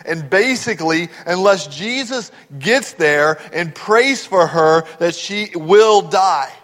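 A man's voice: sits high, animated, takes it slowly, fairly bright tone, in a large hall. A man preaching a sermon as pastor, earnestly explaining scripture verse by verse.

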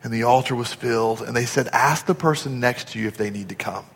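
A male pastor preaching a sermon, telling a story in an earnest way and dropping to a soft, low voice for emphasis. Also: brisk, creaky, breathy edge, long reverb tail. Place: church auditorium.

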